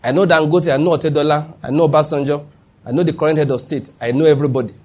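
A man's voice: on the high side, steady tone, very fast, a little mellow, husky. A man with a Nigerian accent preaching a sermon, emphatic and often asking whether listeners follow his point. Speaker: pastor.

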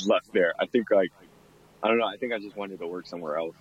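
A man's voice: low voice, brisk, breathy edge, muffled recording. A young man being interviewed about bartending. He rambles casually, fills his talk with fillers and laughs often. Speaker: guest, former bartender.

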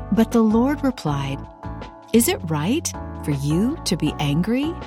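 Woman Bible teacher, middle-aged; unhurried, expressive scripture reading and prayer over faint music. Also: mid-range voice. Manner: earnest, expressive reading with call-and-response.

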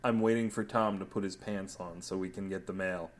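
A man's voice: deep voice, steady tone, a little fast, close to an everyday voice. A man voicing a weary, exasperated young man with a dry delivery.

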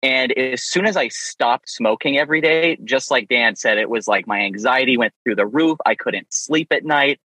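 A man's voice: mid-range voice, normal speed, few pauses, sharp tone, no room sound, rough recording. A man in his thirties who owns a pet care business, speaking frankly and openly about personal experience in a roundtable discussion, with self-deprecating humor.

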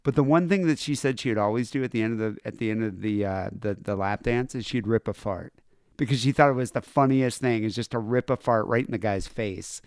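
A man's voice: mid-range voice, a little fast, no room sound, clean studio sound. A man hosting a podcast, chatting loosely and crudely with a lot of hesitation. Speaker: podcast host. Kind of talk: casual podcast chat.

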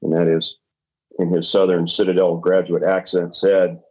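A man's voice: low-pitched, little pitch movement, normal speed, darkish tone, muffled recording. An older man and retired ER doctor talking bluntly and frankly in a casual podcast chat, with hesitant fillers.

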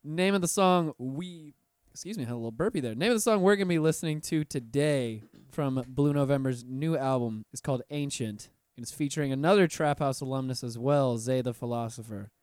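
A man's voice: mid-range voice, fairly quick, darkish tone, clear, resonant tone, no room sound, clean studio sound. A man hosting a podcast in casual, slangy chat, laid-back and profane as he hypes up artists. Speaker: podcast host.

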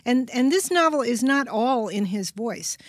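A woman's voice: a little high, expressive, unhurried, no echo. An older woman guest talking about her writing on a podcast, reflective and rambling, often restarting her sentences. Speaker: guest author. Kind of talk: podcast interview.

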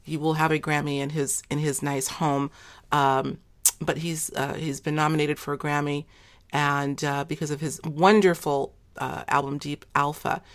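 A woman hosts an interview with a low, full voice. She talks emphatically, speeding up in bursts, and laughs often as she talks with her guest. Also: little pitch movement, moderate pace. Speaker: interview host. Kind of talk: enthusiastic interview chat.

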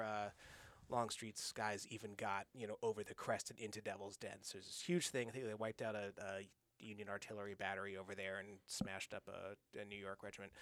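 A man's voice: fairly low pitch, no room sound. A man, a guest in a studio, telling a long story casually, with many fillers, restarts and quoted voices. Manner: rambling, animated anecdote with many fillers and restarts.

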